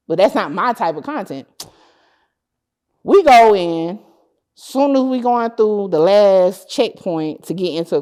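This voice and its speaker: A woman in an interview seat tells a long story in a loose, casual way. She swears freely and slips into the voices of the people she is quoting, giving the tale an acted-out feel. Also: mid-range voice. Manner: animated, acts out dialogue, swears freely. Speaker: interview guest, court-case content creator.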